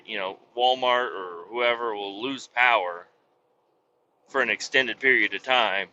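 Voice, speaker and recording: A man's voice: mid-range voice, a little slow, pushed and bright, lo-fi sound, a little hiss or hum. A man talking in a casual, rambling monologue as a podcast host, cursing freely and restarting his sentences often. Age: adult with young children. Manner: rambling, profane, with many restarts. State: hiccuping.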